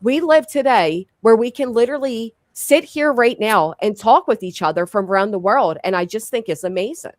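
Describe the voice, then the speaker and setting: A woman's voice: a little high, expressive, moderate pace, hardly any pauses, no room sound, studio quality. Enthusiastic American woman hosting. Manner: enthusiastic, talkative. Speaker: host. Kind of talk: casual chat.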